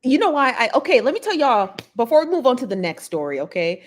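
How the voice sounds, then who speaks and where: A woman's voice: high voice, very animated, quick pace. A woman hosting a casual celebrity gossip livestream, chatty and laughing often as she talks straight to her viewers. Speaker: livestream host.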